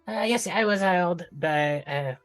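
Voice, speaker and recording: Man doing a halting, formal female camp guard. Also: high voice, soft background music, voice pushed up. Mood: courteous. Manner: halting, formal and courteous, many fillers. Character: polite female camp guard, middle-aged, hesitant and formal. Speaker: game master voicing a character.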